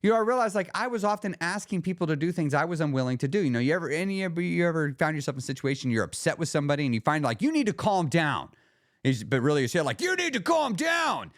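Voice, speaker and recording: A man hosts his own podcast alone, musing out loud in a loose, chatty way and acting out his own thoughts as he goes. His voice sits a little high and swings widely in pitch. The sound is dry and close, with no room around it. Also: racing, no room sound. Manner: animated, acts out his own inner dialogue; conversational, with restarts and "like". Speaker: podcast host. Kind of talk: solo reflective podcast talk.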